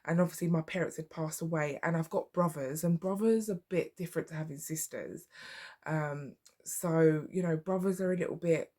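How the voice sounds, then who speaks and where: A woman's voice: sits low, moderate pace, mellow. A woman doing her makeup while she tells a personal story to camera, rambling with many fillers and restarts. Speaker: vlogger.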